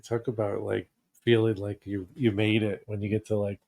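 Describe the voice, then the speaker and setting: A man's voice: on the low side, flat delivery, moderate pace, gravelly, darkish tone. A man co-hosting a casual interview, reacting with short exclamations and laughter. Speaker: co-host.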